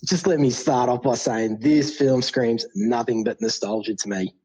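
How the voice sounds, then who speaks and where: A man's voice: medium pitch, normal speed, warm tone, breathy edge, low-quality recording. A man with an Australian accent, calling in to a podcast and giving a casual, swear-laden review. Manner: laid-back, swears freely, chummy slang. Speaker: caller. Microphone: phone call.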